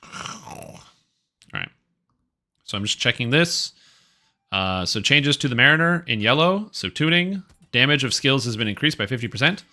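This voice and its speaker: A man's voice: mid-range voice, animated, moderate pace, long pauses, pushed and bright. A man streaming a video game, chatting casually in a rambling, offhand and opinionated way. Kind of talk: casual live-stream commentary.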